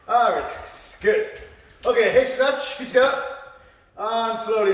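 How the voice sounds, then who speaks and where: Karate teacher guy barking counts slow, high voice, big echoey hall, mic way off. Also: far from the mic. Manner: calls out counts and commands. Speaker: karate instructor. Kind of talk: teaching a martial arts class. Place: dojo hall.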